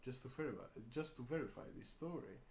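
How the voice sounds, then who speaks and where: A man's voice: medium pitch, expressive, fast, darkish tone, voice pushed up, close to an everyday voice. A man voicing a domineering woman boss who barks orders in a commanding manner. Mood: bossy. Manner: bossy, commanding. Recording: roomy room with faint hiss.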